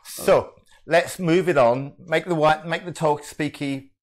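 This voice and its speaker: A man with a slightly higher-than-usual voice co-hosts a comic live stream. He chats in a camp, flustered way. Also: unhurried. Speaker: co-host.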